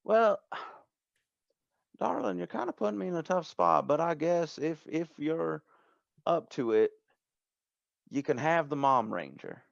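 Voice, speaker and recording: A woman's voice: low-pitched, slow pace, creaky, pauses often, no echo, lo-fi sound, pitched above the performer's own voice, exaggerated voice. A man voicing a folksy middle-aged woman who runs a truck shop and calls everyone darling. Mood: reluctant.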